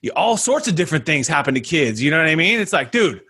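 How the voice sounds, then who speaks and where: Bright, husky, high-energy podcast host. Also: male voice, fast. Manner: energetic, slangy, says dude and guys a lot. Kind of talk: casual podcast chat.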